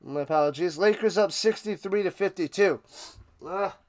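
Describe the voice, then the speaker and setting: High-voiced man calling plays live. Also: normal speed. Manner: excitable, bursts into shouted calls. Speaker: live stream host. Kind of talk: casual play-by-play commentary.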